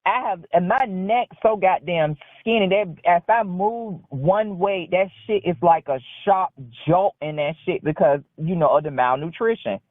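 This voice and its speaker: A woman on the low side of pitch phones a talk show and tells a rambling tale at a moderate pace with few pauses, blunt and laced with profanity. Her call is dry and tinny, with no echo.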